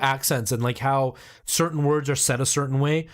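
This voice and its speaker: A man's voice: medium pitch, fairly even intonation, normal speed. A man in his thirties from Canada, chatting casually on a live stream and explaining things in a rambling way, with lots of ums and likes. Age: 30s.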